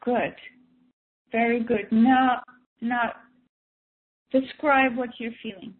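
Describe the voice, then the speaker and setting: A woman leading a guided breathing and emotional release session, gentle and coaxing, often repeating and restarting her phrases. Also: a little high, steady tone, slow. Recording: tinny phone-like sound.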